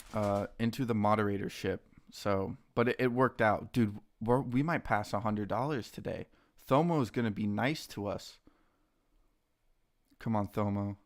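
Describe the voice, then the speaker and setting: A young man casually chatting on a live stream while trading stocks, excitable and slangy, greeting viewers by name. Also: mid-range voice, smooth. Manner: excitable, talks to chat and his dogs, says dude a lot.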